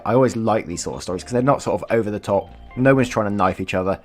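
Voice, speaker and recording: A man hosting a channel, reading viewer stories aloud in a casual, chatty way, laughing often and swearing freely. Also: fairly low pitch. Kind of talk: casual read-aloud storytelling with commentary.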